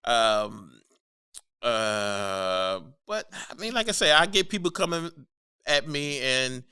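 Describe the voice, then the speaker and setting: A male stand-up comedian from the Philadelphia area telling road stories in a casual podcast chat. His voice is bright and crisp, recorded dry and close. He tells stories with animation and acts out the hecklers in them. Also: medium pitch, big pitch swings, slow, no echo. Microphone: podcast studio mic.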